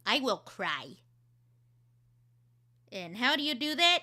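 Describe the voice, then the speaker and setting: A woman streamer chats casually about voice acting and fills her talk with easy fillers. Her voice is bright and fairly high, and her pitch swings lively. She takes her time. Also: slow, pauses often. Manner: chatty, filler-heavy, explaining. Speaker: streamer and voice actor.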